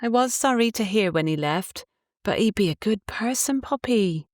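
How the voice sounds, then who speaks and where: A woman's voice: medium pitch, lively intonation, normal speed, a little mellow, dry recording, clean studio sound, pitched above the performer's own voice, natural voice. A woman voicing a cheerful, affectionate young Cornish wife in an audiobook, speaking in a lilting dialect. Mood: kind.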